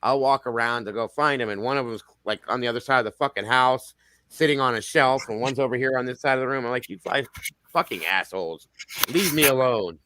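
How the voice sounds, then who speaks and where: A middle-aged man hosting a casual group chat, talking in a lively way, swearing a lot and laughing often. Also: mid-range voice, fast, smooth, no room sound. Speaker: podcast host.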